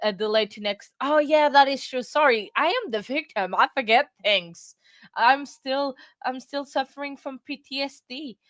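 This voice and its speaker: A woman's voice: mid-range voice, a bit bright, no echo, studio quality. A woman, casually chatting with her livestream chat, playful and giggly, a bit out of breath. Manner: giggly, playful, rambling with frequent laughs. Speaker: livestream host.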